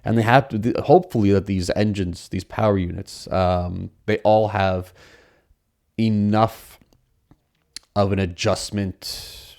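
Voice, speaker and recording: A man's voice: on the low side, steady tone, measured pace, a little mellow. A man hosting a podcast on his own, talking casually with many fillers and restarts. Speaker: podcast host. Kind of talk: solo podcast commentary.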